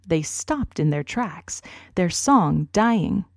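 A woman reading a children's story aloud, clear and expressive. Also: lowish voice, slow pace, dry recording, clean studio sound. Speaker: narrator.

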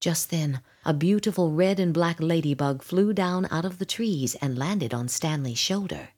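A woman reading a children's storybook aloud, gentle and expressive. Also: low voice, normal speed. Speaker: narrator.

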